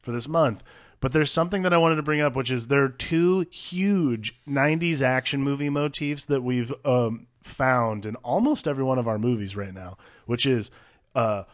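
A man co-hosting a podcast, chatting casually about movies, animated and profane, exaggerating for laughs. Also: medium pitch, normal speed, dry recording, clean studio sound. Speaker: podcast co-host.

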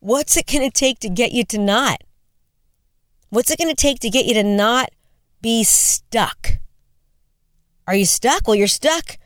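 A woman's voice: on the high side, lively intonation, a little slow, long pauses, a bit bright, dry recording, studio quality. Earnest motivational woman in her forties. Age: 40s. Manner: earnest, conversational, repeats questions for emphasis. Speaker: motivational speaker. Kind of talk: motivational talk.

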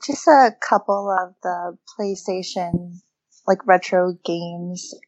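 A woman's voice: fairly low pitch, steady tone, takes it slowly, darkish tone, dry recording, highs cut off. A woman in a casual gaming chat, explaining games in a matter-of-fact way.

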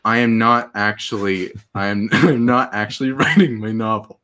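A man imitating a wooden indie filmmaker in a flat monotone. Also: fairly low pitch, moderate pace. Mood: deadpan. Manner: monotone, deadpan.

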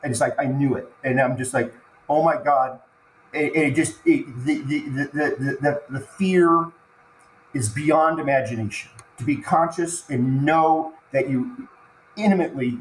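A man tells a deeply personal story as a podcast guest, and his voice sits at an ordinary middle pitch. He stumbles, restarts and repeats words as the feeling catches up with him. The recording is echoey, with a faint hum of ambience behind him. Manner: halting, repeats words and restarts when moved.

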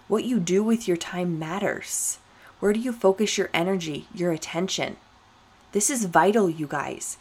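A young woman talking on her own podcast in a loose, candid way, turning to her listeners often and leaning hard on her points. Her voice sits a little low for a woman. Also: a little mellow. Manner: candid, emphatic, talks straight to listeners. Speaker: podcast host. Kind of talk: casual solo podcast talk.

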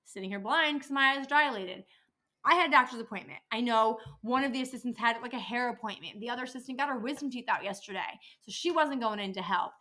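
A woman's voice: a little high, quick pace, bright, forceful tone. A woman in her thirties who works at a dental office, hosting a casual solo podcast and ranting with exasperation and plenty of swearing. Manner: exasperated, venting, swears freely.

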